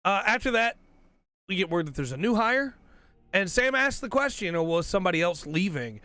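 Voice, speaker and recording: A man's voice: high-pitched, animated, fairly quick, sharp tone, dry recording. A man hosting a podcast, giving a rambling, enthusiastic casual review while losing his voice. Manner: rambling, enthusiastic, self-correcting. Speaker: podcast host reviewing episodes.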